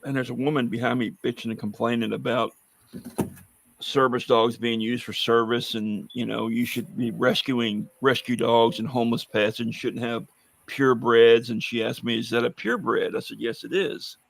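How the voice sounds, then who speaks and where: Man, gravelly voice, dry close sound, blunt wry storyteller, casual chat. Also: mid-range voice, fairly even intonation, normal speed, no room sound.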